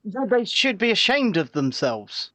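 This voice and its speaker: A man co-hosting a casual live show, telling stories in an animated way and often repeating words as he goes. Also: sits high, measured pace, slight background noise. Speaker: co-host. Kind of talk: casual live-stream chat.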